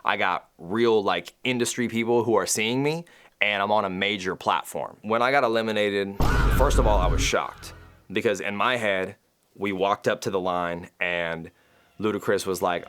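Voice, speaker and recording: Laid-back young man, low voice. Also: moderate pace, over music. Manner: casual, slangy, many "like" fillers. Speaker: rapper. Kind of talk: reflective personal storytelling.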